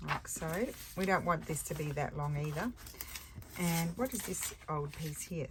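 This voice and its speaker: Low-voiced older Australian woman crafting. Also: a little slow, heavy background noise. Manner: chatty, easily distracted, thinks aloud while working. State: tired. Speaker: craft channel host. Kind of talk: casual crafting chat.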